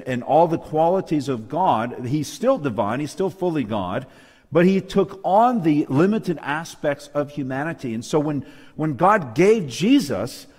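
Emphatic male preacher in a hall. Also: on the high side. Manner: emphatic, asks the audience questions. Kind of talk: sermon. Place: church hall, live audience.

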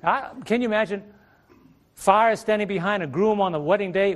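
A man's voice: high-pitched, normal speed. A middle-aged man preaching a sermon from a stage, emphatic, throwing rhetorical questions at the congregation and drawing out key words. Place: church stage. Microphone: stage microphone.

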